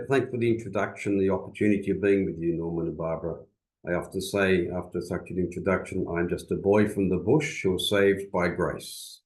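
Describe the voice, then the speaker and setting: Low-voiced Australian man on a call. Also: rough recording. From Western Australia. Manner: warm, rambling, with many fillers and restarts. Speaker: seminar speaker. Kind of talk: informal talk on a video call. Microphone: video call.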